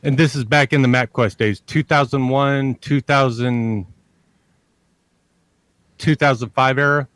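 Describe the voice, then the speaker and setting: Slow, rambling male storyteller. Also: mid-range voice, steady tone, fairly bright tone, no room sound. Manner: rambling, repeats himself and curses freely. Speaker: guest storyteller. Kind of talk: casual storytelling on a podcast. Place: lives near a large army base in Texas.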